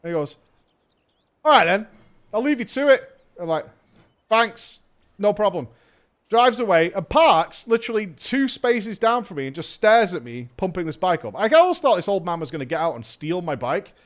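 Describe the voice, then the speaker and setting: A man's voice: sits high, normal speed. A man, a streamer host, telling a story in casual chat, swearing and imitating people he met. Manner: animated, swearing, mimics people in his story. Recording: faint music underneath.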